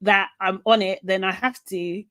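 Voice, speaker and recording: A woman co-hosting a podcast, recapping a TV show in animated casual chat, quoting people and swearing. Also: mid-range voice, normal speed, dry recording. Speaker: podcast co-host.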